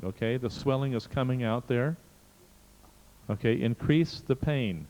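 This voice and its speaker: A man's voice: mid-range voice, dark tone. A man leading a live seminar exercise, coaxing and pushing a participant with short, insistent prompts. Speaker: seminar leader. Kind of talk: guiding a participant through a live workshop exercise. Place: seminar hall. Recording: muffled seminar tape with long hall reverb.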